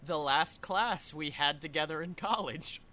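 A man's voice: a little high, unhurried, sharp tone. A young man co-hosting a podcast, chatting casually and laughing often. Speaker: podcast co-host. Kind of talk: casual chat. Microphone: webcam.

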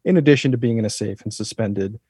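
A man talking about a TV episode in a relaxed, thoughtful podcast chat, with frequent fillers. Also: lowish voice, fast, husky, no echo, studio quality. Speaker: podcast co-host. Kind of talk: casual chat.

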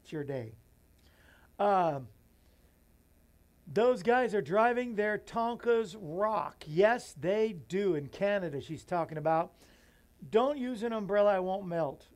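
A man's voice: high voice, animated, slow pace, pauses often, a little mellow. A man hosting a morning show from a small bookstore studio, chatting casually and rambling to viewers. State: out of breath. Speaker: host.

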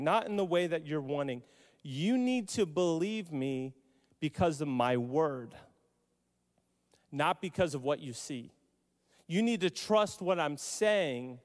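A man playing a calm teacher who speaks firmly and slowly. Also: fairly high pitch, voice pushed down. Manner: calm, firm, measured. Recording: long hall reverb.

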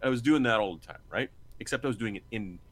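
Animated man telling a lively story. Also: mid-range voice, quick pace, husky. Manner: animated, laughing, swearing, acting out quotes. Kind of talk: casual storytelling chat.

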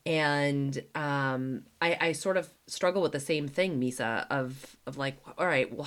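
A woman's voice: a bass voice, a bit bright. A woman hosting a podcast and chatting casually, with lots of "like" fillers and acted-out quotes as she tells stories. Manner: chatty, heavy use of "like", acts out quoted dialogue. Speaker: podcast host. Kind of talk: casual conversational storytelling.

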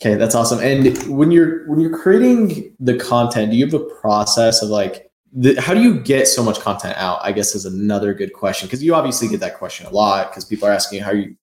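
A man's voice: lowish voice, animated, a little fast, hardly any pauses, a little mellow, reverberant. A man hosting a podcast, upbeat and chatty, often stumbling over restarts and filler words. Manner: enthusiastic, stammers and restarts, many "like"s. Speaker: podcast host. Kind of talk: casual interview talk.

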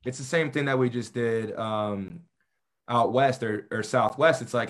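A real estate agent talking business casually over a video call, with frequent restarts. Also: male voice, medium pitch, measured pace, fairly bright tone. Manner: conversational, hesitant restarts.

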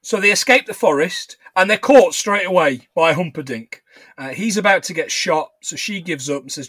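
Lively high-voiced Englishman telling a story. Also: husky, dry recording. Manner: animated, swearing, quick to laugh. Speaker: podcast co-host. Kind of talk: casual film recap chat.

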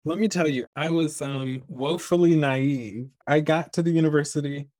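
A man's voice: fairly high pitch, normal speed, no echo. A young man telling stories in a casual chat as a podcast guest, acting out the voices of people he quotes. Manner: animated, acts out quoted voices.

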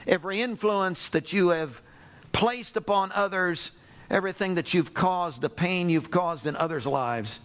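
A man preaching a sermon to a congregation, telling a parable with animated storytelling and acting out the characters. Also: high-pitched, unhurried. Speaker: pastor.

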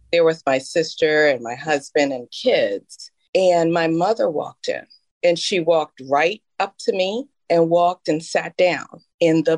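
A woman's voice: low voice, darkish tone, no room sound. A woman in her fifties co-hosting a podcast, telling a personal story in a heartfelt, emotional way. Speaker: podcast co-host. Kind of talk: casual conversational podcast.

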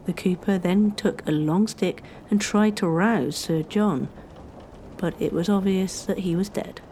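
A woman narrating a historical story in a measured, scripted storytelling style. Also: lowish voice, warm tone, a little hiss or hum.

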